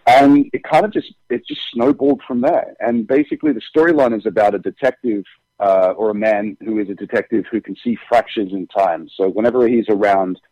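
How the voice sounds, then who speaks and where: A man's voice: lowish voice, no room sound, highs cut off. A young adult man with an Australian accent, chatting as an interview guest, with frequent restarts and fillers. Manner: halting, many restarts and fillers. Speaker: actor and comic creator, guest. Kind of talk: casual interview chat.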